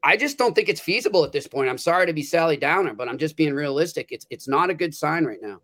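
A man with a North American accent and a somewhat high voice chats casually as a co-host. He often restarts his sentences, repeating a word or two before getting going. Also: animated, fast, a bit bright. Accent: North American English. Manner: hesitant, repeats words when starting sentences. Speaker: podcast co-host. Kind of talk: casual sports betting chat.

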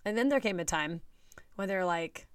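A woman's voice: fairly low pitch, lively intonation, normal speed, clear, resonant tone, dry recording, clean studio sound. A woman coach giving a chatty, earnest motivational talk straight to her viewers.

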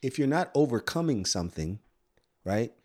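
A man's voice: medium pitch, big pitch swings, moderate pace, darkish tone. A man co-hosting a podcast, talking casually and building on his partner's points. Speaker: podcast co-host. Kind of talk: casual chat.

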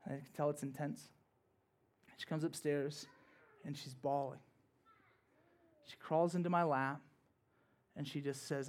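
Higher-voiced man preaching a personal story. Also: measured pace, long pauses. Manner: conversational, building from hushed to loud and emphatic. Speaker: pastor. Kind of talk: sermon told as a personal story. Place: church.

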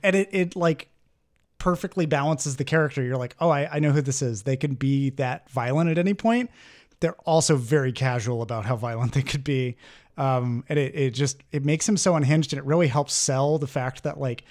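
A man co-hosting a film podcast in casual, animated talk, swearing and laughing often. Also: medium pitch, normal speed. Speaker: podcast co-host.

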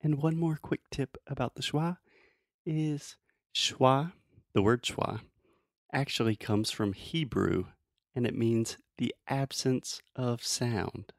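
A man teaching English pronunciation in a casual, playful way, explaining slowly with many examples. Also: medium pitch, dry recording, clean studio sound.

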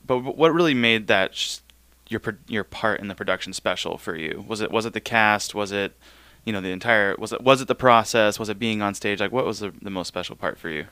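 A man's voice: lowish voice, a little fast, bright, forceful tone, clear, resonant tone, no room sound. A man interviewing a guest casually, agreeing often and asking long rambling questions. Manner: agreeable, lots of short affirming replies.

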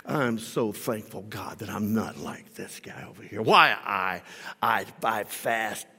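A man voicing a smug, self-righteous male Pharisee who boasts pompously in prayer, dropping his voice lower than his own. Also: slow, bright, forceful tone, breathy edge, long reverb tail, exaggerated voice. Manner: pompous, stammering self-praise.

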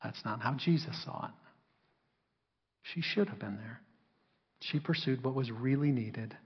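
A man's voice: medium pitch, unhurried, breathy edge, in a large hall, dull audio. A man preaching a sermon as pastor. He talks with the congregation, asks them to answer, and briefly acts out biblical characters in a raised, sassy voice. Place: church hall.

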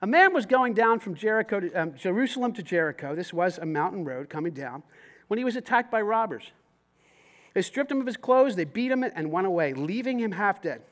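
High-voiced man preaching. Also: brisk. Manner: animated, conversational preaching with casual slang. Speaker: pastor. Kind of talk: sermon. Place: church.

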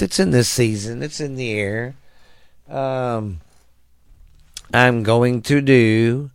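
A man's voice: medium pitch, smooth, no room sound, studio quality. A tired man hosting his own podcast in loose, rambling, crude casual chat, coughing and trailing off. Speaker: podcast host.

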